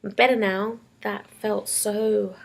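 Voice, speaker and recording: A woman's voice: mid-range voice, flat delivery, slow. A young woman with a London accent, telling personal memories in a casual vlog, tearful and laughing by turns. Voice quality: husky and gravelly. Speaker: vlogger. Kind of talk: emotional personal storytelling.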